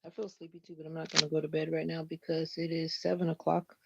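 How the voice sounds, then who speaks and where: A woman with a low, husky voice and vocal fry talks quickly in a monotone while hosting a casual livestream, greeting viewers by name as she chats. She sounds slightly stuffy, as if coming down with a cold. The lo-fi stream audio is dull with faint noise but no echo.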